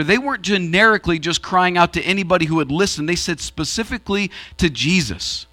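A pastor preaching a sermon in a church auditorium, swinging between raised and hushed delivery. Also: male voice, high-pitched, brisk, hardly any pauses.

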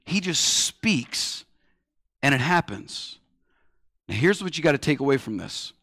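A man in his thirties delivers a sermon with a slightly higher voice than most men. He moves between raised, urgent lines and quiet, hushed ones as he tells his stories. The recording is close and dry, with almost no room sound. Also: big pitch swings, a little slow, dry recording. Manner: storytelling preacher, swings from loud to hushed. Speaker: pastor.

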